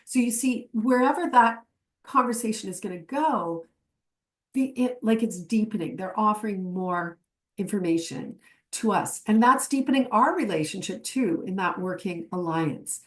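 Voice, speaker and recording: A woman's voice: mid-range voice, moderate pace. A woman giving an educational webinar lecture, explaining ideas reflectively and acting out short client examples. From Canada. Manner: warm, reflective teaching with quoted client examples. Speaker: webinar presenter.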